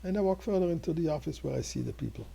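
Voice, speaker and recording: An older male rabbi preaches and tells a story in a low, gravelly, husky voice. His tone is dark and mellow. He speaks earnestly and builds to fervent peaks. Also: lively intonation, rapid-fire. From Montreal. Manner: earnest, rising to fervent exclamations. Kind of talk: storytelling sermon.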